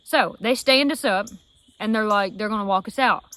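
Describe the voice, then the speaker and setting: A woman's voice: medium pitch, moderate pace. A young woman with a Southern US accent telling a story casually, acting out the voices she quotes. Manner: animated, acts out quoted voices. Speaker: vlogger.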